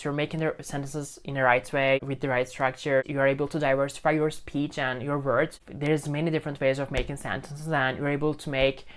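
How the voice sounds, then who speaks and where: A man's voice: medium pitch, level tone, fairly quick, few pauses, clear, resonant tone. A man speaking English as a second language, talking earnestly to a phone camera, repeating his points with lots of fillers. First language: not English. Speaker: English learning vlogger. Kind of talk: casual talk to camera.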